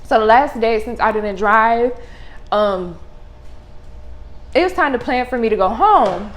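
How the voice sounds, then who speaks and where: Blunt, animated young woman vlogger. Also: on the high side, measured pace, rough recording. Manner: animated, blunt, slangy with swearing. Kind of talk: casual storytime.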